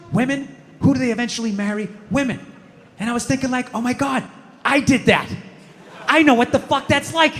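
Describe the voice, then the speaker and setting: A man's voice: extremely high pitch, fairly bright tone, a little hiss or hum. A middle-aged man doing stand-up comedy, ranting in an exasperated, profane way. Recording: live stage mic in a large hall. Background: audience laughter.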